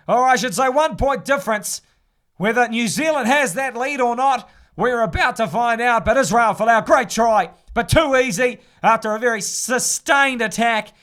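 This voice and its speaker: A man doing casual live play-by-play rugby commentary, brisk and chatty. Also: very high voice, fairly bright tone. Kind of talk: live fan sports commentary.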